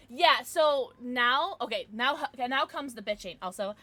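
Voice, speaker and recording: Young midwest gal streaming a game, rambly and swears a lot, voice jumps all over. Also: female voice, high voice, lively intonation, normal speed, hardly any pauses, pushed and bright, dry recording. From Midwestern United States. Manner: chatty, rambling, swears and reads chat aloud. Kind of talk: casual live-stream chat while gaming.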